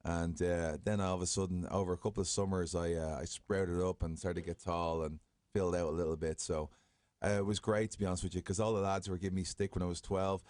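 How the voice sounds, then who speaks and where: Irish man, low-pitched, rapid talk, dry studio sound, chatty and self-mocking. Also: level tone, darkish tone, no room sound. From Ireland. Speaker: guest wrestler. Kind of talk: casual interview chat. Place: radio studio.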